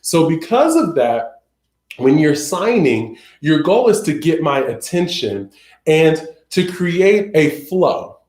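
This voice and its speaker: A man's voice: on the high side, big pitch swings, takes it slowly, a little mellow. A man teaching a sign language class, explaining in a conversational way with everyday examples. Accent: Southern American. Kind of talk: recorded class lecture. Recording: echoey room.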